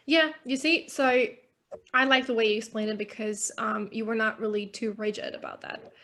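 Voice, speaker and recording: A woman's voice: fairly high pitch, fairly even intonation, moderate pace, bright, forceful tone, a little hiss or hum. A woman guest, an English teacher, chatting casually and laughing easily. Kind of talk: casual conversation.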